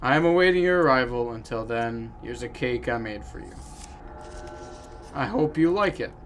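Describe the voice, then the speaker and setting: A man reading a lonely, melancholy game character's letters aloud in a low, subdued voice. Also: lively intonation, normal speed, a little hiss or hum, lightly acted. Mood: weary.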